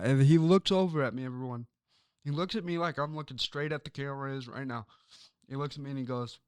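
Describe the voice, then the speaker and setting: A young man from Illinois hosting a sports talk show, speaking earnestly and haltingly with frequent ums and repeated words. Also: medium pitch, a little mellow, clear, resonant tone, no echo, clean studio sound. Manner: earnest and personal. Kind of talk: casual sports talk monologue.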